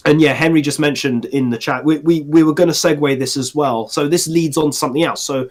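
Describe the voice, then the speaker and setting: A man's voice: a little high, brisk, background noise. A man co-hosting a casual podcast chat, ranting sarcastically with restarts and laughs. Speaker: podcast co-host.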